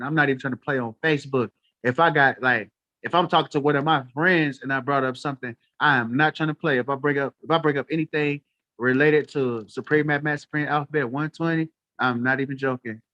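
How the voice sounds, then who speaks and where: A man's voice: mid-range voice, fairly bright tone, no room sound, dull audio. A man telling a story in casual talk on a live stream, blunt, heated and profane. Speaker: livestream guest.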